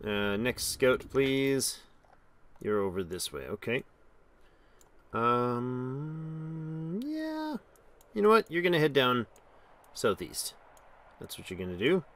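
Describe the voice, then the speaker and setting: A man giving casual, chatty commentary while playing a strategy game, reading the game's text aloud and reacting with animated exclamations. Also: mid-range voice, slow pace, long pauses. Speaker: game streamer.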